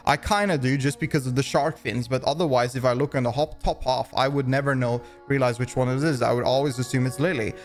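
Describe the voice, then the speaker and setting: A man's voice: medium pitch, steady tone, fast, few pauses, faint music behind. A man giving opinion commentary, rambling along with frequent restarts and fillers. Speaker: commentary YouTuber.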